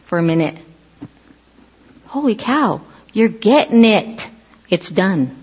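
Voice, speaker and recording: Middle-aged woman preacher, husky voice, casual storytelling sermon, long hall reverb, dull lo-fi sound. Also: medium pitch, slow. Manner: animated storytelling, acts out quoted voices.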